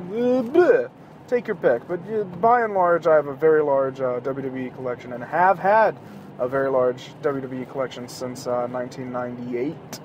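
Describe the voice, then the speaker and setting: Man in his thirties, slightly high voice, profane rambling podcast host talking in a car, faint traffic noise behind. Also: dull audio. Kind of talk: casual solo rant. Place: in a car driving home at night. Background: faint passing traffic.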